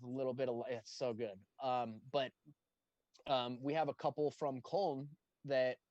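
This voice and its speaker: A man's voice: medium pitch, darkish tone, no echo. Rambling, enthusiastic man on a dull line. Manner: rambling, enthusiastic, many fillers. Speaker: brewery staff guest. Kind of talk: casual chat. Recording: dull lo-fi dry sound.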